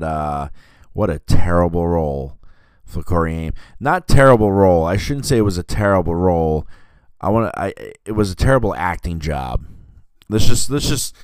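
A man's voice: sits low, expressive, moderate pace, clean tone, no room sound. A man hosting a podcast, chatting casually about a film in a rambling way, full of fillers and self-corrections. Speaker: podcast host reviewing a film. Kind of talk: casual film review chat.

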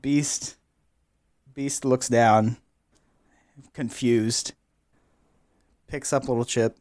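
A game master, a man, narrates a tabletop session at a slow, easy pace in a voice of middling pitch. He often breaks into laughter. The sound is dry and close to the mic. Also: fairly even intonation, darkish tone, no room sound.

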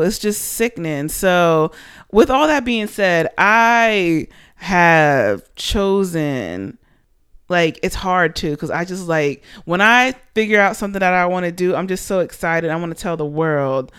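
A woman's voice: on the low side, expressive, unhurried, fairly bright tone, smooth. A woman in her late twenties hosting a podcast, rambling casually and animatedly with lots of fillers. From Panama. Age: 20s. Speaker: podcast host.

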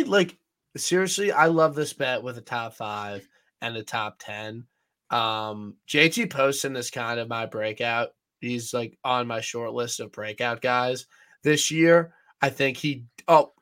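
A bright, forceful male voice on a casual golf-betting podcast. He talks excitably in quick bursts and swears freely. His pitch sits in the middle for a man. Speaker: podcast co-host. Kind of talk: casual sports-betting chat.

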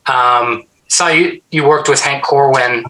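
A man hosting a podcast, asking casual questions in a relaxed, fan-like way. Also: mid-range voice, measured pace, a little hiss or hum. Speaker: podcast host. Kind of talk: casual interview chat. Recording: echoey room.

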